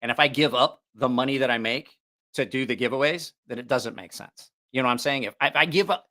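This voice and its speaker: A man's voice: mid-range voice, fast talker, pushed and bright. A man hosting a livestream about knives, chatting casually and rambling, often correcting himself and cracking jokes. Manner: rambling, self-correcting, jokey. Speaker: knife channel livestream host.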